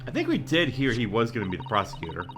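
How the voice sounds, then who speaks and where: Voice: medium pitch, huge pitch swings, fast, over music. A let's play streamer making casual, dry asides while reading through a game. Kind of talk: casual gameplay commentary.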